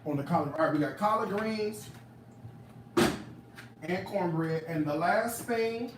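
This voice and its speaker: A sassy, playful man in his late thirties shows his cooking in a home kitchen and scolds his viewers. His voice sits a bit high for a man. He is picked up from a little way off the mic, in a roomy kitchen with faint noise behind him. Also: a little slow, distant mic. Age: late 30s. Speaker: home cook. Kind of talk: casual cooking demo.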